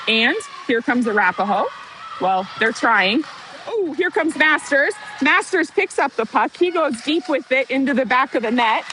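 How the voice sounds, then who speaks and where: High bright-voiced woman doing hockey play by play, super excitable, rooting for the home team, faint background noise. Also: moderate pace, rough recording. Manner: excitable, partisan, apologizes for getting worked up. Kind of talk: amateur youth hockey commentary.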